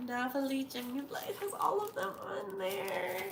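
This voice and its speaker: A young woman with a high, lively voice, unhurried and gushing, chatting casually on a live stream at home. Her gasps and soft squeals come through a noisy home recording. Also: reverberant. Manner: gushing, gasping, breathy squeals of delight. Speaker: livestreamer. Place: home at night.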